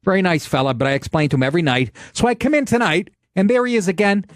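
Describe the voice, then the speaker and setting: A middle-aged male comedian hosts a casual podcast, telling stories in a brash, profane and animated way. His voice sits a bit high for a man. It is recorded on a close, dry studio mic. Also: quick pace, no echo.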